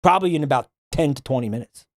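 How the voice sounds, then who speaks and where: A man's voice: medium pitch, animated, quick pace, dry recording, studio quality. A man streaming, chatting casually and swearing freely, often breaking into laughter. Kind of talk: casual chat reacting to a game.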